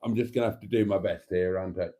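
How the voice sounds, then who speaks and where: A man chatting warmly with viewers on his live stream, camp and talkative, laughing often and calling them darlings. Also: deep voice, fairly even intonation, rapid-fire.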